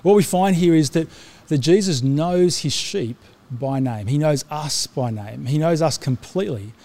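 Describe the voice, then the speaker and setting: Earnest man preaching, a touch high. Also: unhurried, warm tone. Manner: earnest, frequent restarts and fillers. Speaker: pastor. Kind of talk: sermon.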